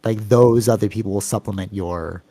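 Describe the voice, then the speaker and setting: A man's voice: moderate pace, dark tone, dry recording. A man with a Canadian accent, co-hosting a podcast, telling long rambling stories full of fillers and acting out other people's voices. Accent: Canadian English. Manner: long-winded, rambling storytelling with many fillers; acts out quoted voices with sudden pitch jumps. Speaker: podcast co-host. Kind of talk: casual podcast chat.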